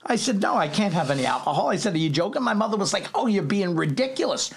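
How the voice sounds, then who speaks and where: A middle-aged man, host of a recovery podcast, telling stories in casual chat, animated and swearing casually. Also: sits high, racing, husky.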